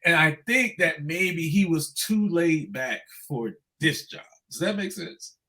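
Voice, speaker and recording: A man co-hosting a sports podcast, talking in a bright, forceful voice. His pitch swings widely as he rants and swears. He gets loud when he's worked up. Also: a little slow. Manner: animated and profane, ranting loudly when upset. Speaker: podcast co-host. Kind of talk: casual sports podcast chat.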